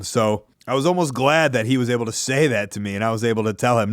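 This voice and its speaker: A man, hosting a podcast in a rambling, self-deprecating monologue with animated asides. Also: mid-range voice, quick pace, few pauses, no room sound, studio quality. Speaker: podcast host. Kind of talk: casual monologue.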